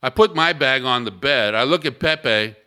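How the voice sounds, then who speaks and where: A man telling his own story in a blunt, animated, casual way, swearing freely. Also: medium pitch, moderate pace, clean tone. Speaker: interviewee.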